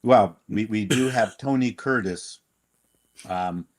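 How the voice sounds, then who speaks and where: A man's voice: on the low side, slow. A man on a podcast panel, chatting casually in a rambling, hesitant way. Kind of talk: casual chat.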